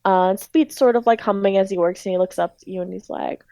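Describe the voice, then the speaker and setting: A woman's voice: medium pitch, fairly even intonation, fast, dark tone, dry recording. A woman game master narrating a tabletop role-playing game in a casual way, with plenty of ums and likes.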